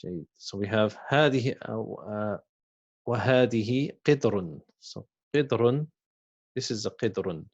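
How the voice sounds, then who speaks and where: Low-voiced patient male Arabic teacher. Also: expressive, husky, muffled recording. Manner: slow and patient, repeats words and translates them. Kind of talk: recorded language lesson.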